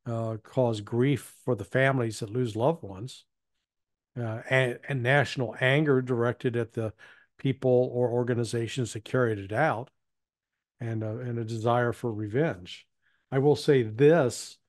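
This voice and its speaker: A man of middle pitch talks through his views as an interview guest, a former intelligence analyst. His delivery is plain-spoken and halting, circling back and restarting phrases as he thinks. The sound is dry and close, with no room around it. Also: darkish tone, no echo. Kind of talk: conversational political commentary.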